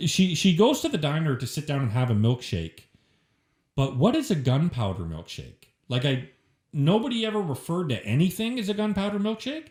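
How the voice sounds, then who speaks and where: A man's voice: a little high, sing-song, moderate pace, a little mellow, roomy sound. A man co-hosting a podcast, reviewing movies in casual, profane, joking chat. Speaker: podcast co-host. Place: shared room, filmed.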